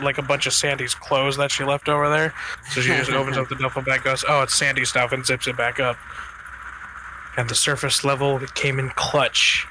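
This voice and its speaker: A man in a casual podcast chat, cracking deadpan jokes and telling quick stories. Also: medium pitch, noisy background. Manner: joking, deadpan quips.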